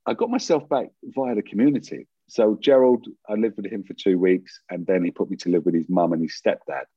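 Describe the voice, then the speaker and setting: A man with a deep, husky voice recounts his story as an interview guest. He talks in quick, animated bursts and often trips over and restarts his sentences. The sound is dry and a little muffled. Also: no room sound. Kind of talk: personal storytelling.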